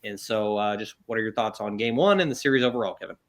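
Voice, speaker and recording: A man's voice: fairly low pitch, quick pace. A man hosting a casual sports podcast, teasing a co-host and putting questions to him.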